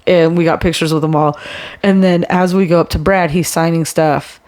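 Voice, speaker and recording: A woman's voice: on the low side, steady tone, moderate pace, darkish tone. A woman co-hosting a podcast in casual chat, jumping in to finish her partner's sentences and swearing casually. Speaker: podcast co-host.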